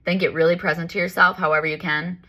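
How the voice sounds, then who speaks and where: A woman talks through her spiritual practice in an easy, personal monologue. Her voice sits fairly low yet sounds bright and forceful, and she leans on repetition and emphatic self-talk. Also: flat delivery, quick pace. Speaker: spiritual life coach. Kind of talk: casual reflective self-help monologue.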